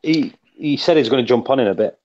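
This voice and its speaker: A man's voice: mid-range voice, animated, fast talker, a little mellow, a little hiss or hum. A man with a Northern English accent, co-hosting a live stream in casual, bantering group chat. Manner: laughing, bantering. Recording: dull lo-fi stream audio.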